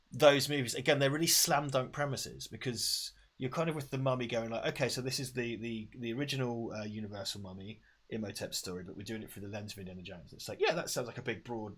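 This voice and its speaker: Scottish man, mid-pitched voice, casual film chat, animated, jokey, lapel mic. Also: slightly rough. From Scotland. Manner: animated, joking, laughs often. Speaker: podcast co-host.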